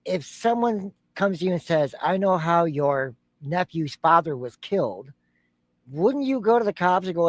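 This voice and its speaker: A man's voice: a little high, very animated, normal speed, dry recording. A man co-hosting a reaction show, giving incredulous, sarcastic commentary.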